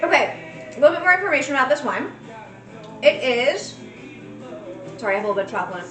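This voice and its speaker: Chatty high-voiced woman in an echoey room. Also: sing-song, quick pace, fairly bright tone, recorded from a distance, faint music behind. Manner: chatty, enthusiastic, rambling with fillers. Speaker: co-host. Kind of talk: casual chat.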